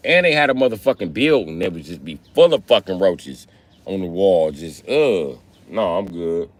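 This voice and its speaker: A man livestreaming from his truck, telling a profane, animated story and jumping into high voices to quote people. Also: moderate pace. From Illinois. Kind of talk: casual storytelling rant.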